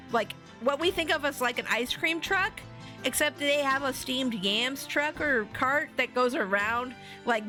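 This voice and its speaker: A woman's voice: a little high, bright, forceful tone. A young woman streaming a video game, chatting casually and giggling often. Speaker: VTuber streamer.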